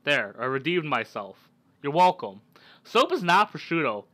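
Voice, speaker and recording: Animated man streaming with a cold. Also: fairly high pitch, normal speed. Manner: animated, swears, loud frustrated outbursts. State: sick with a cold, coughing. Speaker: gaming streamer. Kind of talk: casual let's-play commentary.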